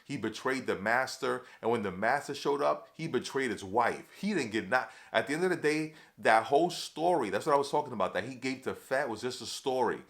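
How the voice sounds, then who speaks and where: A man casually recapping a TV episode for his viewers, excitable and chatty, calling them y'all and acting out the characters' lines. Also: medium pitch, a little fast, vocal fry, hardly any pauses. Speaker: TV episode reviewer.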